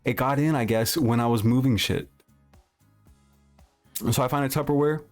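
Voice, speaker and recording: This livestreamer's voice is medium in pitch with a darkish tone, and he speaks at a normal speed while soft music plays behind him. He chats casually with viewers and responds to chat, spinning a profanity-laced story full of false starts.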